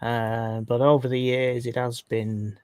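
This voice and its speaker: A northern English man talking casually as a podcast guest over a call, often restarting his sentences. His voice sits at a middling pitch and sounds dry and close. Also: flat delivery, a little slow, darkish tone, smooth, dry recording. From England. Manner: chatty, trailing restarts. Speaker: guest cryptid investigator.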